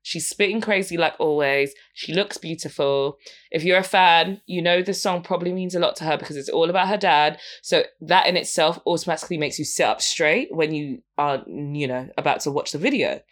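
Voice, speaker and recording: A woman's voice: low voice, a little fast. A young woman hosting a podcast, giving frank, casual music reviews and often laughing between her points. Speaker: podcast host.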